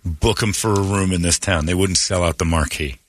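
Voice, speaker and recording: A man's voice: low-pitched, steady tone, a little fast. A man hosting a morning radio show, ranting with sarcastic, opinionated jabs. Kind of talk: casual morning radio rant.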